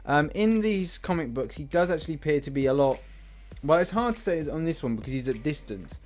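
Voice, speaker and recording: A man's voice: fairly high pitch, animated, fairly quick, darkish tone, soft background music. A British man hosting a game channel, giving casual, rambling commentary with many restarts. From Britain. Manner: rambling, lots of fillers and restarts.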